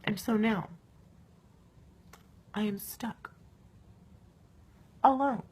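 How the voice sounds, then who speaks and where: A woman's voice: mid-range voice, very slow, slightly rough. A young woman recounting a night out in a casual vlog, swearing often and filling her talk with "like". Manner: animated, swearing, many fillers.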